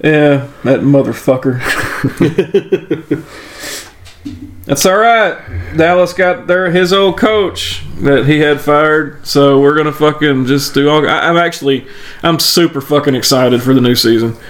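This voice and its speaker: A man's voice: fairly high pitch, a little slow. A man with a slightly raised voice, chatting casually and cursing freely. He keeps cracking jokes and laughing between points, loose and unfiltered in his talk. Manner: swears often, laughs a lot, jokey. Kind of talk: casual chat.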